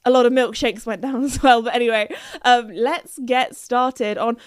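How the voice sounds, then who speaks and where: A young woman hosting her own podcast, chatting casually and bubbly, often giggling and squealing with excitement. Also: a little high, measured pace, clean tone, no room sound, clean studio sound. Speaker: podcast host.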